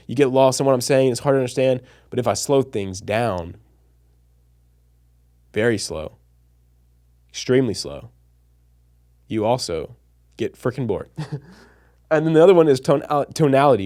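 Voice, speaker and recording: A man's voice: medium pitch, darkish tone. A man hosting a casual educational vlog, talking straight to his viewers in an enthusiastic, nerdy, chatty way. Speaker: channel host and coach.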